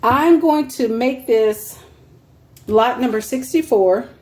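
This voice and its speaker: Slow, chatty woman sorting craft papers. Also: fairly high pitch, darkish tone, slight background noise. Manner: chatty, laughs often, reads titles aloud as she browses. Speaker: online craft seller. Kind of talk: casual show-and-tell sales vlog.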